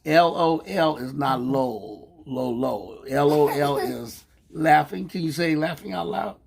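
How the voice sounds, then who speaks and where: A man's voice: fairly high pitch, takes it slowly, vocal fry, a crowd in the background. An older man hosting a casual vlog, teasing and joking in a folksy, playful way with his grandson. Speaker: vlog host. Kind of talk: casual live chat with grandson.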